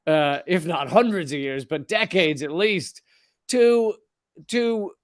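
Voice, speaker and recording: A man's voice: fairly high pitch, slow, no room sound, clean studio sound. A man co-hosting a podcast, talking in a blunt, profane, sardonic way. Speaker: podcast co-host. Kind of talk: casual podcast chat.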